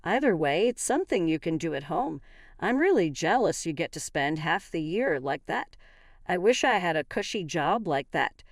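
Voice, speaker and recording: A woman's voice: fairly low pitch, sing-song, moderate pace, no room sound, clean studio sound. A woman voicing a curt, sarcastic husband in a read-aloud story, cold and dismissive.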